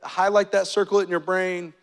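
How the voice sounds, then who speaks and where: A male pastor delivers a lively sermon with jokes and quick voice impressions. His voice sits high, and a long church-hall reverb trails every phrase. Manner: animated and joking, acts out voices.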